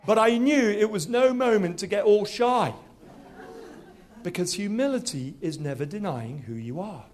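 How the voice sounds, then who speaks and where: A man from Nigeria preaching a sermon, telling a story quickly and animatedly, then dropping to quiet, earnest exhortation. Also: sits high, expressive.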